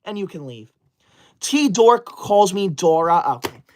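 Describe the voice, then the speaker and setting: A woman's voice: mid-range voice, lively intonation, a little slow, darkish tone. A woman, livestreaming from home on a laptop and reading viewer comments aloud in an indignant, scolding way. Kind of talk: casual live stream chat. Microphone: laptop setup.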